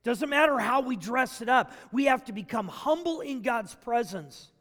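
A man preaching a sermon as pastor, dramatic, swinging between loud bursts and hushed asides. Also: extremely high pitch, lively intonation, moderate pace. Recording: long reverb of a large hall.

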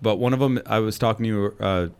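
A man's voice: on the low side, fast, a little mellow, clear, resonant tone. A man hosting a casual podcast, loose and laughing as he drinks shots with a guest. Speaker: podcast host. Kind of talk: casual chat.

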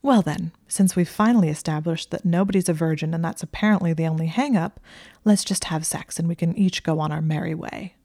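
A woman reading the part of an indignant, sharp-tongued young woman librarian, emphatic and exasperated. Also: lowish voice, brisk, no echo, clean studio sound. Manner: exasperated, emphatic, rising to near shouts.

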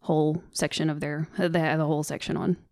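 Her voice sits low with little pitch movement and a fairly quick pace, carrying a Southern American accent from the Southern United States. Co-hosting a casual podcast, she's earnest, loose and off the cuff with soft laughs, recorded studio quality on a studio microphone, no room sound.

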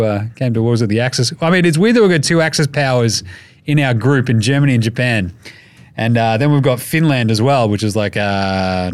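A man's voice: medium pitch, no room sound. An Australian man hosting a casual sports podcast, talking in an irreverent, jokey and profane way. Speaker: podcast host.

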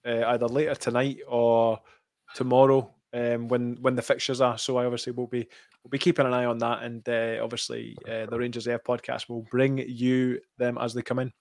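A Scottish man co-hosting a podcast, chatting casually about football with many pauses and fillers. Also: mid-range voice, no room sound, clean studio sound. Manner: relaxed, hesitant with many fillers. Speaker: podcast co-host.

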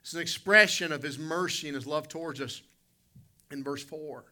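A man's voice: on the high side, moderate pace, pushed and bright. A man preaching an evening sermon as pastor, telling a folksy, vivid personal story to his church congregation. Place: church sanctuary.

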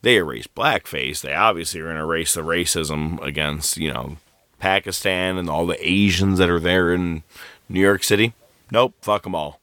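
A man co-hosting a podcast in an animated, joking way, laughing often as he riffs. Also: low-pitched, moderate pace, dry recording. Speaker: podcast co-host. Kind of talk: casual chat.

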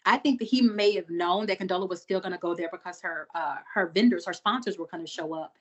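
A woman chatting casually on a group podcast, animated, acting out quotes with big jumps in her voice. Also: on the low side, fairly quick, hardly any pauses. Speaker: podcast co-host. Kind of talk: casual group chat about a TV episode.

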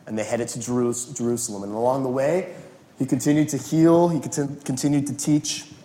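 A man preaching a sermon as a pastor, telling the story in a relaxed, conversational way and acting out the quotes. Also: mid-range voice, fairly quick. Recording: echoey room.

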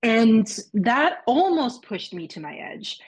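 Husky woman telling a candid story. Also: on the high side, sing-song, slow pace. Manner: candid, swears freely, acts out quotes. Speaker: podcast guest. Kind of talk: casual storytelling chat.

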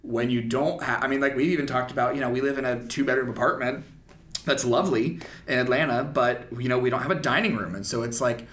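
A man's voice: mid-range voice, fast, a bit bright, reverberant. A man co-hosting a podcast, talking in an earnest, reflective way with hesitant restarts. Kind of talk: casual chat.

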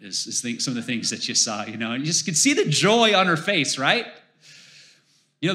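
Bright-voiced conversational male pastor. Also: fairly high pitch. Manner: conversational, emphatic, repeats phrases for emphasis. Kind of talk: sermon.

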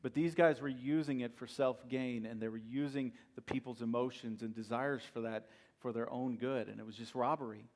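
A man's voice: medium pitch, steady tone, moderate pace, darkish tone. A male pastor preaching a sermon, moving from conversational asides to emphatic, building scripture reading.

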